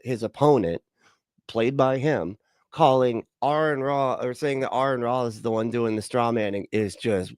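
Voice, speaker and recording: A man's voice: medium pitch, lively intonation, normal speed, a little mellow, dry recording. A man hosting a casual livestream, reacting to videos and greeting chat in a sarcastic, laid-back, profane way. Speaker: livestream host.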